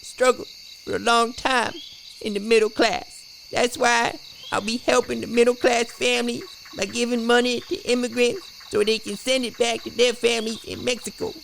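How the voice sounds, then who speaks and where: Rambling high-voiced woman politician as a man puts her on, gravelly edge, cartoon satire. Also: little pitch movement, moderate pace, a bit bright, a little hiss or hum, heavily acted. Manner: rambling, repeats herself. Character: ditzy female politician caricature, rambling.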